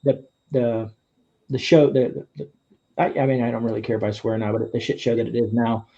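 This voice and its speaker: A man's voice: medium pitch, little pitch movement, moderate pace, mellow. A man from the Florida Keys hosting a casual live-stream interview. He rambles, restarts often and laughs easily. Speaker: host. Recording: dull lo-fi stream audio.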